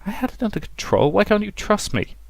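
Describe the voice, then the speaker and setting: Guy doing a high-pitched winged girl soldier, earnest and defensive, kinda pleading. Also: sing-song, brisk, creaky, no echo, heavily acted. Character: earnest winged young woman lieutenant, defensive.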